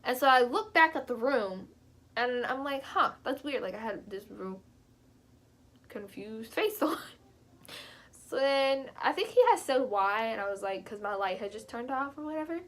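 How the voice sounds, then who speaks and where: A young woman vlogger with a fairly high voice tells a personal tale in a loose, chatty way, full of fillers. She gets animated and leaps up in pitch whenever she quotes herself. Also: moderate pace. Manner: animated, jumps high when quoting herself. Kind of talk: casual storytime.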